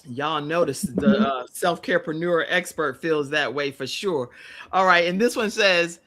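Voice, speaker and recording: A woman hosting a live-stream panel chat, lively and cheering her guests on. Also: sits low, a little slow. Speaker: host.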